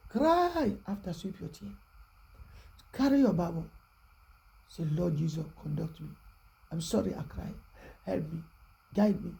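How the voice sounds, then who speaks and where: A preacher giving a prayerful, repetitive exhortation, often dropping to a hushed voice. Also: medium pitch, expressive, a little slow, gravelly, pauses often, husky, poor audio.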